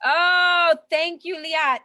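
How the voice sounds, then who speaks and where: A woman co-hosting a comedic matchmaking chat, chatty and excitable. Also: very high-pitched, extremely slow. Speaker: co-host. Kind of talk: comedic live-stream chat.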